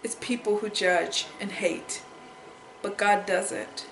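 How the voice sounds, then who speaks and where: A woman's voice: medium pitch, steady tone, slow, creaky, a little hiss or hum. Upset young woman vlogging in echoey room. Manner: upset, repeats herself, fighting tears. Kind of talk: emotional personal vlog.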